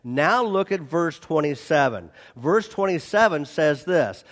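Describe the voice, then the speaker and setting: A male pastor preaching a sermon, animated, acting out scenes and repeating lines for emphasis. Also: fairly high pitch, unhurried, hardly any pauses. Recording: long reverb of a large hall.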